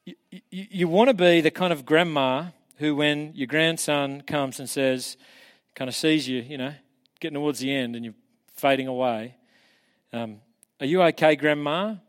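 A man's voice: fairly high pitch, fairly even intonation, normal speed, smooth. Earnest man preaching. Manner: earnest, conversational, encouraging. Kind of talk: casual teaching talk.

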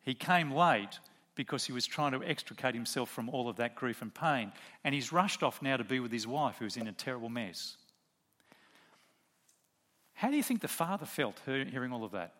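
A man's voice: mid-range voice, lively intonation, normal speed, a bit bright. A middle-aged man preaching a sermon, telling a story and asking rhetorical questions of the congregation.

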